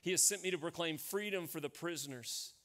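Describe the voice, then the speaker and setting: A man's voice: a little high, fairly quick, fairly bright tone. Man, American accent, pastor, sermon, storytelling, emphatic, repeats phrases.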